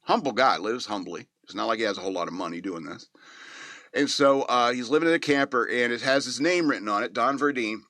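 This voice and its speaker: A man's voice: mid-range voice, lively intonation, a little fast, bright, forceful tone, dry recording, clean studio sound. A man hosting a show, giving a casual, rambling movie review with many fillers and chuckles. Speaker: podcast host reviewing a movie.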